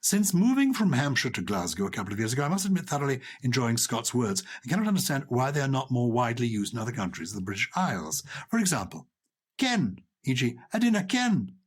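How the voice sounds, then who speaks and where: A man's voice: medium pitch, quick pace, husky. A man co-hosting a podcast in casual chat, playfully telling jokes. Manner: playful, tells jokes, animated. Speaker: podcast co-host.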